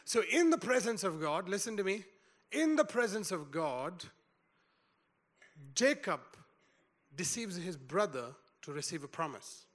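A man preaching a sermon, retelling a scripture story in a storytelling way and building to loud emphasis. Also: high voice, big pitch swings, unhurried, pauses often. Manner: storytelling, acts out quotes, rising to loud emphasis.

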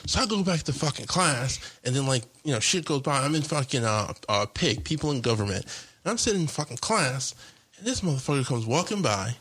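A man's voice: mid-range voice, fairly quick, breathy edge. A young man casually telling a long story on a podcast, rambling, with lots of fillers and swearing. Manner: rambling, heavy on fillers and profanity, animated retelling.

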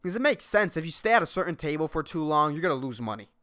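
Animated, profane podcaster. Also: male voice, a little high, racing. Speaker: podcast host. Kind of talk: solo rambling podcast monologue.

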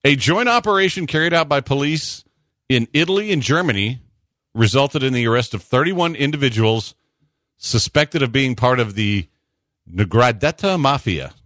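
A man hosts a sports talk show in easygoing banter. His voice is bright and lively, swinging freely in pitch as he tells stories. The sound is dry and close. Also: no room sound. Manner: animated storyteller, quick asides. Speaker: sports radio host. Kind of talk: casual radio banter.

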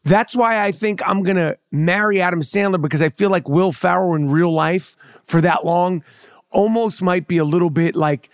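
A man's voice: sits high, normal speed, clean tone, dry recording, studio quality. A brash man hosting a podcast, teasing his guest with profane casual chat. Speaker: podcast host.

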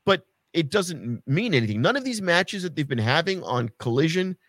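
A man casually chatting about wrestling as a podcast co-host, animated and sarcastic, swearing freely. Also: fairly high pitch, moderate pace, dry recording, studio quality.

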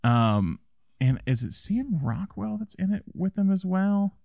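A man with a Southern American accent co-hosting a casual film podcast, rambling and breaking into animated quoted asides. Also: high voice, unhurried, vocal fry, no room sound, studio quality. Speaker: podcast co-host.

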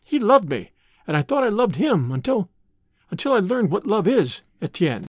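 A woman's voice: medium pitch, very animated, normal speed, breathy edge, no echo, clean studio sound, voice pushed up. A man voicing a devoted young Venetian noblewoman in an audiobook, speaking in a tender, urgent, pleading way. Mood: anguished. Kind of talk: audiobook character reading.

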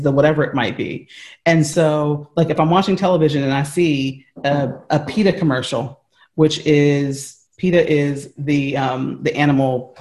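An American man speaking earnestly as an interview guest on a call from home, explaining at length with frequent fillers and restarts. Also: on the high side. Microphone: remote call from home.

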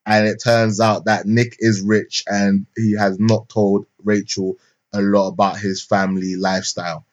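A man's voice: fairly low pitch, little pitch movement, measured pace, dull audio. A young man, co-hosting a podcast in casual chat, rambling with lots of fillers, restarts and street slang. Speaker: podcast co-host. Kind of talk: casual chat, film review. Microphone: remote call mic.

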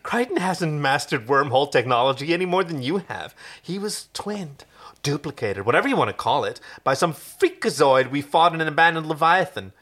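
A man voicing a cheeky young female alien rogue in a squealing falsetto while reading a story aloud. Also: expressive, brisk, fairly bright tone. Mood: scornful. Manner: high squealing falsetto, cackling.

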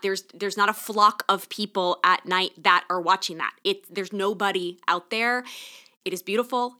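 Bright-toned enthusiastic woman podcast host. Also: mid-range voice. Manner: enthusiastic, chatty, gets emotional and choked up. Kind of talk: solo podcast monologue.

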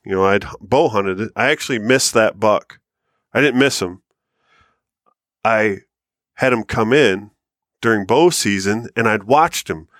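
An American man telling a long hunting story in casual podcast chat, acting out quotes with bursts of excitement. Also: measured pace, pauses often, no room sound, clean studio sound. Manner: animated storyteller, rises high and loud when acting out quotes. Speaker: podcast co-host.

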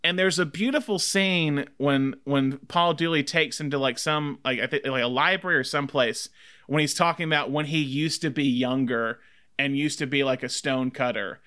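A man's voice: on the high side, moderate pace, bright, forceful tone, clear, resonant tone. A man co-hosting a casual film podcast, talking enthusiastically in long rambling stretches full of fillers. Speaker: podcast co-host.

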